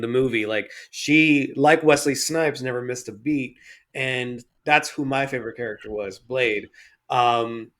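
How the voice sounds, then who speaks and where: A man's voice: medium pitch, fairly bright tone. A man co-hosting a casual movie review podcast, joking, swearing and teasing his co-hosts. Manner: joking and profane, teasing the others. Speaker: podcast co-host.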